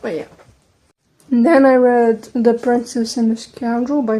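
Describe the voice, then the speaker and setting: Casting: young woman, non-native English speaker with an American lean, slightly high, mellow voice, quick casual vlog chatter with soft asides. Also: flat delivery, low-quality recording. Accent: American-leaning English, second language. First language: not English. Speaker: book vlogger. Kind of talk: casual chat.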